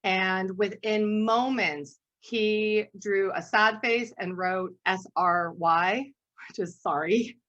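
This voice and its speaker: A woman art therapist leads an online workshop, telling stories with animated energy and frequent laughter. Her voice sits a little low for a woman. The video-call audio is dull and lo-fi. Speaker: guest art therapist presenter.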